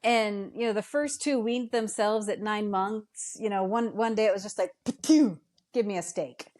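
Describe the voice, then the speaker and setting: A middle-aged woman, a guest mother, telling family stories in casual chat with lively, emotional retellings. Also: moderate pace. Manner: animated, emotional retelling with dramatic pitch jumps. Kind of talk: casual storytelling.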